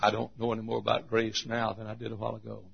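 A man preaching a sermon at a church service, booming into shouts and then dropping to a hush. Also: completely flat delivery, fast, creaky, breathy edge, lo-fi sound. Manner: swings from loud shouted quotes to hushed low asides.

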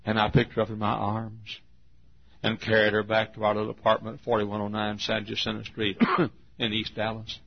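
A man in his fifties from Texas preaching a sermon, telling a long personal story in an earnest, drawn-out way. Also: lowish voice, monotone, gravelly, a little hiss or hum. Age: 50s. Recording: dull lo-fi sermon recording.

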